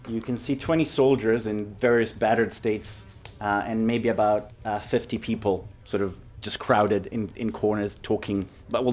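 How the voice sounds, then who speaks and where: A man's voice: lowish voice, a little mellow. A man as game master, narrating a tabletop game in a meandering way with many fillers.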